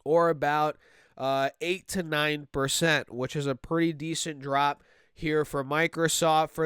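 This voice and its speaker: A man's voice: on the high side, little pitch movement, unhurried, fairly bright tone, clear, resonant tone, dry recording, studio quality. A man hosting casual stock market commentary, sounding nasal from a stuffy, allergy-clogged nose, talking energetically to his viewers and thinking aloud with fillers. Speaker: stock market video host.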